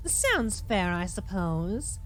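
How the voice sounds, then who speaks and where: A woman's voice: medium pitch, big pitch swings, slow pace, a bit bright, slight background noise. Theatrical, mock-villainous woman gamer. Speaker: gaming host. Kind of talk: let's play commentary.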